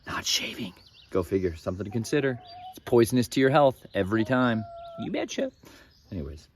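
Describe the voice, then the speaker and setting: A man's voice: mid-range voice, wildly swooping pitch, fairly quick, slight background noise. A young man casually retelling Bible stories outdoors in a farmyard, rambling and opinionated, drifting into digressions. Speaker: Bible teacher. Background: chickens clucking.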